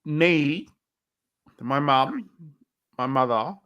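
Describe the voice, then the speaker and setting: Drunk man, hiccups, bright tone, rambling, repetitive. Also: on the high side, moderate pace. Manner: rambling, repetitive, swinging between insults and self-pity. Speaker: livestream co-host. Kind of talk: drunken rambling livestream chat.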